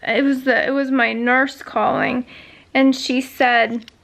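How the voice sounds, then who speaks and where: A woman's voice: high-pitched, flat delivery, takes it slowly, gravelly, a bit bright. A woman vlogger chatting casually, telling a long story with many fillers and asides. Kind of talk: casual chat.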